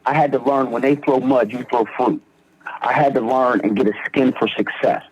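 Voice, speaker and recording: A man's voice: medium pitch, steady tone, moderate pace, a little hiss or hum. A young man from Philadelphia telling his recovery story in a podcast interview, acting out quoted dialogue as he goes. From Philadelphia, Pennsylvania. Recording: dull lo-fi sound.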